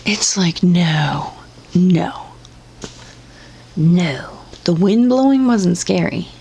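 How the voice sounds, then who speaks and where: A woman's voice: on the low side, animated, drawn-out words, vocal fry, dark tone, slight background noise. A young woman ranting in blunt, sarcastic, profanity-filled commentary. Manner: sarcastic, blunt, swears constantly. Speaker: commentary vlogger.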